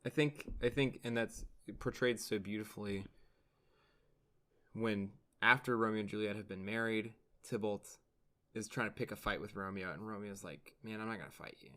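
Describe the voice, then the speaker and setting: A man co-hosting a podcast, talking through a play in a relaxed way and thinking aloud with restarts. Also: lowish voice, moderate pace. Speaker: podcast co-host. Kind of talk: casual theater discussion.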